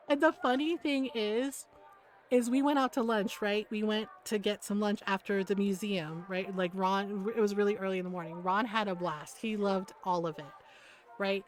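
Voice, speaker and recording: A woman streamer with a medium-pitched voice at normal speed chats casually with viewers, energetically telling a story, laughing often and repeatedly checking in with "right?".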